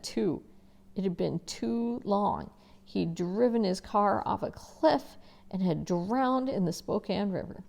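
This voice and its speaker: A woman teacher reading a novel aloud in first person, expressive and conversational, with casual asides to listeners. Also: mid-range voice, creaky.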